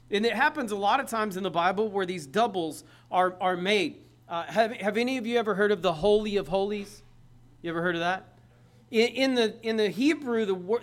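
High-pitched guy preaching, keeps repeating himself for emphasis, lots of questions to the room. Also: animated, brisk, a bit bright. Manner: emphatic, repeats phrases, asks the listeners questions. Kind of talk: sermon.

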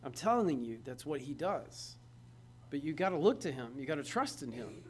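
Man preaching, high voice, emphatic, repeats phrases, asks the crowd questions. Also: sing-song, normal speed, slight background noise. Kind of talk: sermon.

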